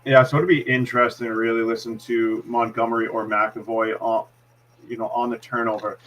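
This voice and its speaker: A man's voice: medium pitch, level tone, fairly quick, fairly bright tone, poor audio. Boston-accented man breaking down hockey plays. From Massachusetts. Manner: analytical, explains plays step by step with many restarts. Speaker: hockey analyst.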